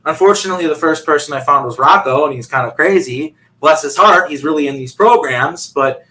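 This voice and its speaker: Guy rambling through a story on a video call, kinda high voice, bright and sharp. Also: a little fast, low-quality recording. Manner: rambling, many fillers and restarts. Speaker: guest. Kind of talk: casual personal storytelling.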